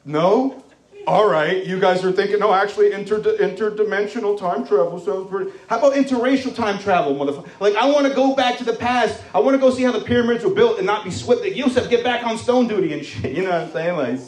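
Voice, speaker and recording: A Moroccan man in his thirties does a stand-up set on a comedy club stage, loose, rambling, and crude, slipping into mocking voices. His voice sits high, animated and quick. The sound is roomy and distant, as in a club.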